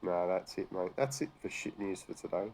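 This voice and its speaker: A man's voice: low voice, a little fast, a little mellow. An Australian man sarcastically ranting about news articles, swearing freely and sounding exasperated. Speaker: commentary host. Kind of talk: profane rant reacting to news articles.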